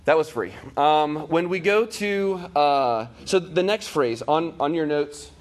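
Guy teaching church class, kinda higher voice, lots of ums and "right?". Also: slow. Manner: conversational, frequent "right?" check-ins, many fillers and restarts. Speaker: Bible teacher. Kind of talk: catechism class lecture.

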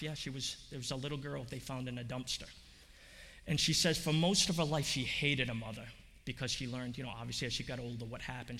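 Bright-voiced man preaching in a reverberant hall. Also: medium pitch. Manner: conversational, many fillers, rising to emphatic. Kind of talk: sermon with storytelling.

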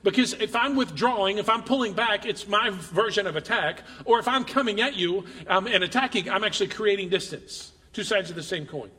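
In a church sanctuary, a male pastor preaches a conversational sermon straight to his congregation, often restarting and repeating words. His voice is high-pitched and sharp, a little fast with hardly any pauses, echoing in a large hall.

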